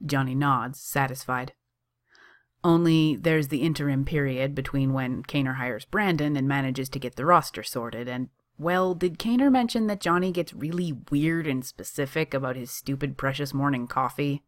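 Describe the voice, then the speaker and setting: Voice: medium pitch, moderate pace. A reader narrating a story in a chatty tone with sarcastic asides. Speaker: audiobook reader.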